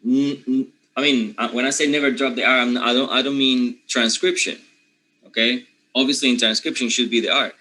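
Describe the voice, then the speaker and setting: A man from Panama with a Panamanian accent, a native Spanish speaker teaching English pronunciation, who often clears his throat and keeps checking in with his students. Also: medium pitch, fairly even intonation, a little fast, pushed and bright, low-quality recording. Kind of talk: pronunciation lesson.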